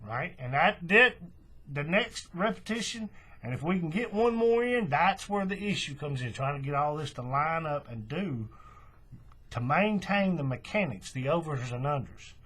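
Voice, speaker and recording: Husky man talking through a craft tutorial. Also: on the high side, moderate pace. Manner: relaxed, folksy step-by-step explaining. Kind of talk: hands-on tutorial walkthrough.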